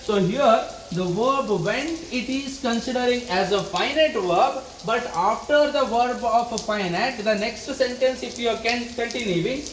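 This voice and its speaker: A man with an Indian accent, teaching a grammar lesson, slowly repeating example sentences word by word. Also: extremely high pitch, slight background noise. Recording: roomy echo.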